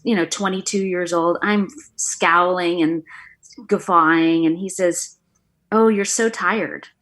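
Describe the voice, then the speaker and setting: A middle-aged woman, a guest on an interview show, telling her story with lively energy and acting out the dialogue. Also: lowish voice. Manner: animated storyteller, acts out quoted dialogue. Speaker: guest, author and former acupuncturist.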